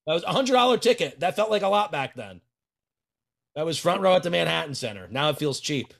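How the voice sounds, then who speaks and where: Gravelly guy on a podcast, kinda high voice, cocky and loud-mouthed, roasting everybody. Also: big pitch swings, a little fast. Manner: brash, boastful trash talk. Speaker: wrestling manager and podcast regular. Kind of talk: casual podcast chat.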